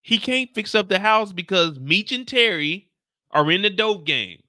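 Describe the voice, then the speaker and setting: Host type: American man, casual show recap to live chat, playful and slangy, fairly high voice. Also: unhurried, dry recording, studio quality. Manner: animated, slangy, playful, reads out chat questions.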